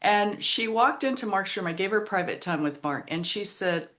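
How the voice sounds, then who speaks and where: A middle-aged woman speaks earnestly as a podcast guest. She tells personal stories with feeling, in a voice of middle pitch. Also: lively intonation, moderate pace, few pauses, fairly bright tone. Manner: earnest, emotional, retells quotes in other voices. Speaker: podcast guest, memoir author. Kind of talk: heartfelt storytelling interview.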